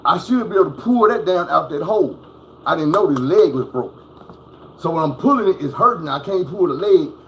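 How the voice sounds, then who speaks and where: A man's voice: fairly high pitch, expressive, brisk, slight background noise. A man telling a personal story at home, casually and profanely, acting out crashes and sounds as he goes. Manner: profane, vivid, acts out sounds. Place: at home indoors.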